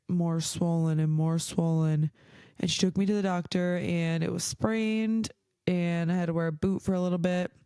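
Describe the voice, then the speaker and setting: On this podcast, a young woman host spins casual stories, chatty and full of swearing and "like". Her voice is on the low side, dark and smooth, captured in a dry, clean studio recording.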